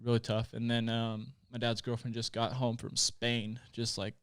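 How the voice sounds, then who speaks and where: A man's voice: mid-range voice, completely flat delivery, moderate pace, clean tone, no room sound, studio quality. A man in his late twenties from Utah, a podcast guest telling a personal story in casual conversation, candid and plainspoken, with frequent swearing. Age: late 20s.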